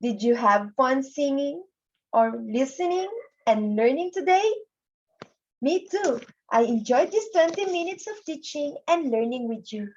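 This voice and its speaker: Slow, patient grade one teacher woman. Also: high-pitched, expressive, darkish tone. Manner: patient, drawn-out, addresses kids often. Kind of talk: slow classroom lesson for children. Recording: dull lo-fi recording.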